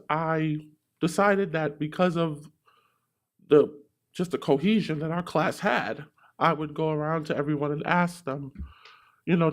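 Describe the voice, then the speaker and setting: Earnest man with a fairly high voice. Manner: earnest, with fillers. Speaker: graduate speaker. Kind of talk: graduation speech.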